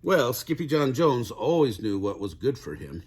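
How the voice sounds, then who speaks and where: A man's voice: mid-range voice, very animated, normal speed, a little mellow, slight background noise. An older man reading a children's storybook aloud, chuckling now and then. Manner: chuckles while reading, occasional stumbles.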